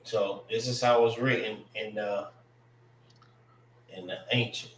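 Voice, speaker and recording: Slow-talking man teaching a language class. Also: on the low side, flat delivery, echoey room, a little hiss or hum. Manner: slow, repeats words while spelling them out. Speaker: religious class instructor.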